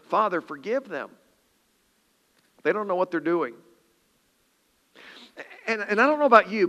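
A man's voice: sits high, sharp tone, in a large hall. A man preaching a sermon in an earnest, emphatic way, reading scripture with dramatic emphasis. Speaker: pastor.

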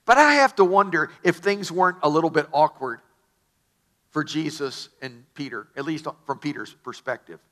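A man's voice: on the high side, expressive, moderate pace, a bit bright. A middle-aged man preaching a sermon as pastor, telling the story with enthusiasm and stammered restarts.

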